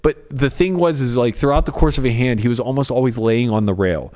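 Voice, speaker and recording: A man's voice: mid-range voice, brisk, darkish tone. A young man on a podcast, casually telling a poker story, swearing freely and acting out both sides of the hand. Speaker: podcast co-host.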